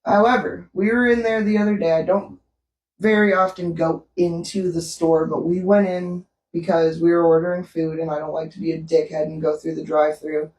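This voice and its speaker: A Canadian woman co-hosting a vlog tells a story in casual chat, laughing often. Her voice is lowish with a darkish tone. She sounds distant from the mic in a roomy, echoing space.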